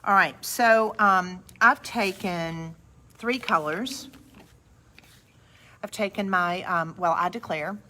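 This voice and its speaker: A woman's voice: on the low side, slow pace, pauses often, slight background noise. A middle-aged woman, hosting a live craft demonstration and chatting with viewers as she works. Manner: chatty, warm asides to viewers. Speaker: craft studio host. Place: craft studio.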